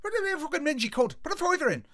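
A man's voice: very high voice, sing-song, fast, a bit bright, voice pushed up, full character voice. A man putting on the voice of a rowdy, pushy young lad who bosses a crowd and swears constantly. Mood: bossy. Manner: bellowing, swearing, bossy. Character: rowdy male ringleader lad, pushy and loud.

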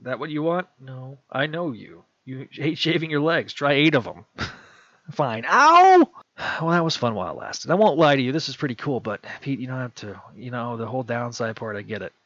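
A man's voice: medium pitch, fairly quick, fairly bright tone, no room sound. A man putting on a teasing young woman. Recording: dull lo-fi dry recording.

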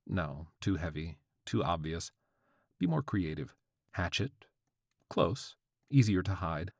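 A man narrating a short story with a wry, deadpan delivery on a close studio mic. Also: sits low, no room sound. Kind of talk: scripted audiobook narration.

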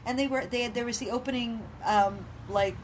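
A woman's voice: a little high, fairly quick, a little hiss or hum. Woman podcast co-host, casual storyteller, filler-heavy chat. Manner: chatty, storytelling, lots of "like".

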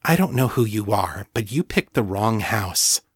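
A man voicing a stern middle-aged mother in an audiobook, speaking in a loud, clear, cold and commanding way. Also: extremely low pitch, animated, a little slow, no room sound, studio quality, full character voice. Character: stern middle-aged mother holding a shotgun, icily calm.

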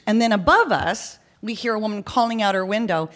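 Animated woman telling a live story. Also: medium pitch, fairly quick, hardly any pauses. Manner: animated, chatty, frequent ums and okays.

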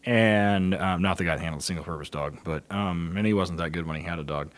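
A middle-aged man with a somewhat low voice talks in loose, casual chat. He is blunt and profane, and he tells stories with animated energy. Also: fast. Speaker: police dog handler trainer.

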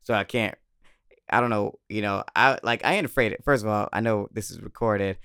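A man telling a personal story in casual chat, animated, swearing and laughing often, on a close mic. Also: on the low side, fairly quick, vocal fry, clear, resonant tone, no echo.

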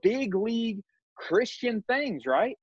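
A man's voice: high-pitched, big pitch swings, slow pace, slightly rough, no room sound, lo-fi sound. Earnest man leading a Bible study. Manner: earnest, emphatic, reads scripture aloud. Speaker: podcast host.

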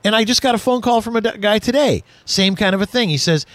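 A man hosting a talk show, telling stories in a casual, animated way, laughing often and acting out voices. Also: sits high, quick pace, hardly any pauses, no room sound. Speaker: radio show host. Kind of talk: casual chat.

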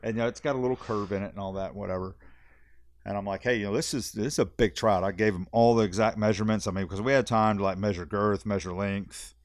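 A man, a fishing guide, telling a long story on a podcast in a rambling, animated way, full of fillers and repeats. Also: on the low side, fast talker, no echo, studio quality. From South Texas. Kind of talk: casual storytelling.

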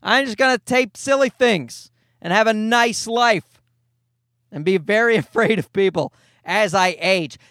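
A man in his forties, a comedian hosting his own podcast, telling a profane, animated story in a casual solo monologue. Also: sits high, a little slow, no room sound, clean studio sound. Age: 40s.

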